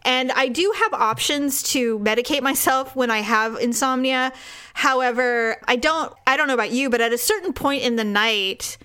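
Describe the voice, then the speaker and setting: A woman's voice: sits high, moderate pace, sharp tone, clean tone. A woman co-hosting a podcast, telling a long, rambling story with frequent laughter in casual chat. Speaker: podcast co-host.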